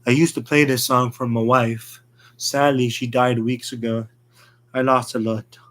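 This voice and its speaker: A man voicing a kindly older driver, a widower who chats gently. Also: medium pitch, little pitch movement, unhurried, close to an everyday voice. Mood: gentle.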